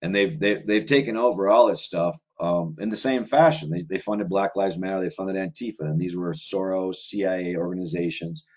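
Low-voiced man, rambling and conversational. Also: lively intonation, brisk, hardly any pauses, a little mellow, lo-fi sound. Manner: rambling, run-on delivery with many filler words. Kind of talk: casual conversational monologue.

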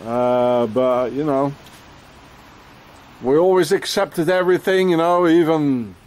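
A man delivering an angry, rambling rant outdoors in the rain, swearing often and filling every pause with "you know" and "eh?". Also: a little high, a little mellow.

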